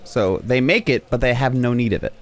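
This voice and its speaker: A man's voice: medium pitch, expressive, a little fast, slight background noise. A man chatting casually while streaming a game, rambling and laughing often. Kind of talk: casual gameplay commentary.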